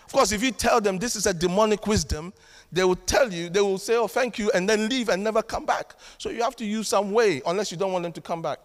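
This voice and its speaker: A man with a high voice delivers a sermon as a pastor. He preaches emphatically, bursting out loudly at times and dropping into dry asides. His voice rings with the long reverb of a large hall. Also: fast.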